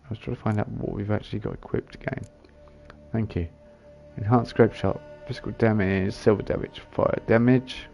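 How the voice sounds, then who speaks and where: A man's voice: on the low side, steady tone, moderate pace, vocal fry, darkish tone, soft background music. A man giving casual commentary on a game he plays, muttering and reading item descriptions aloud as he thinks it through. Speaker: gaming channel host.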